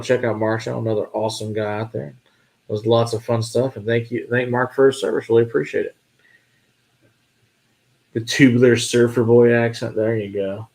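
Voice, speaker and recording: A man hosting a whiskey livestream, chatting casually with viewers, answering their comments and laughing often. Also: on the low side.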